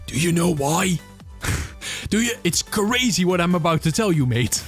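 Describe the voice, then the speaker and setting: A man's voice: sits high, animated, moderate pace, faint music behind. A man from the Netherlands with a Dutch accent, chatting casually on a livestream and answering viewer questions with lots of fillers and restarts. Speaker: streamer.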